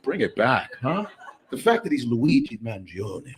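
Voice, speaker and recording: A man doing a stand-up comedy routine, brash, profane and animated. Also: mid-range voice, measured pace, background noise.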